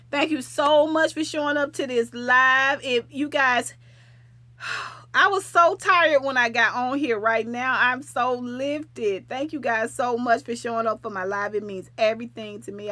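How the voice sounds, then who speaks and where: A bright, slightly high woman's voice rambling warmly through a late-night livestream. She talks casually and fondly to her viewers, drifting from topic to topic. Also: measured pace, no echo. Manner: chatty, affectionate, rambling. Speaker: livestream host.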